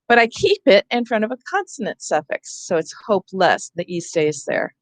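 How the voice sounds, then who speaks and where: A woman's voice: mid-range voice, no room sound. Casual woman leading a teacher workshop. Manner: casual, conversational teaching with asides. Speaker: literacy teacher trainer. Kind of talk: professional development lecture.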